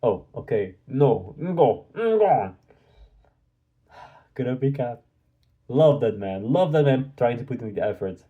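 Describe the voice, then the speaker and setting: A man hosting a live manga reaction, excitable and slangy as he reads and comments. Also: medium pitch, normal speed, narrow, tinny audio.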